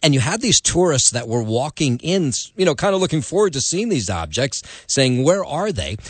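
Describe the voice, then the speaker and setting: A man giving the morning news rundown on a talk radio show in a plain, steady way. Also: mid-range voice, a little fast, slightly rough, no echo. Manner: plain, steady reporting with fillers.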